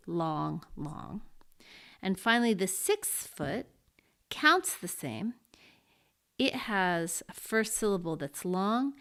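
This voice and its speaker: A woman teaching an introductory lesson, explaining things slowly and deliberately and pausing as she marks examples. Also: mid-range voice, a bit bright. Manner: slow and deliberate, pausing to mark syllables. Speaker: Latin teacher. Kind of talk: slow, careful lesson explanation.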